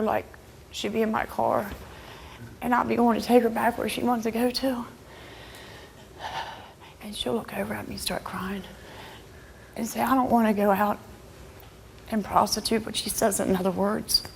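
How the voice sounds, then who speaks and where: Middle-aged mother, talk show guest, pleading and emotional, on the higher side, soft and hushed at times. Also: steady tone, moderate pace, vocal fry, pauses often, a little hiss or hum.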